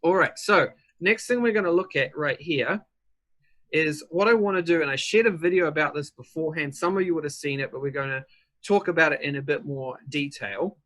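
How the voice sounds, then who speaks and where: Kiwi guy hosting a live webinar, chatty and upbeat, bright punchy voice. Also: a little high, a little fast. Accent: New Zealand. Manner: upbeat, chatty, addresses viewers by name. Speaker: webinar host and business coach.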